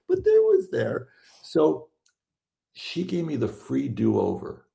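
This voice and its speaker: A man's voice: mid-range voice, huge pitch swings, slow, gravelly, warm tone, reverberant. A man, a therapist and author, chatting casually and telling stories with quoted dialogue. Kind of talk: casual conversation.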